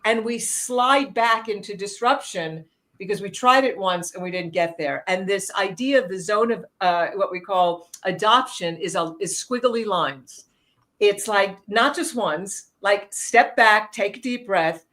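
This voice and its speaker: Woman guest, lively expressive delivery, dramatizes her own thoughts mid-answer. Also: moderate pace, low-quality recording. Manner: animated, acts out inner voices with sudden pitch jumps. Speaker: guest expert. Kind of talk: conversational interview answer.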